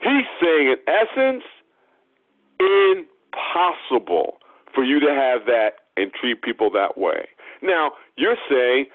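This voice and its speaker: A man's voice: mid-range voice, very animated, takes it slowly, dry recording. A man preaching a sermon, emphatic and repeating phrases for stress. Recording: tinny phone-like sound.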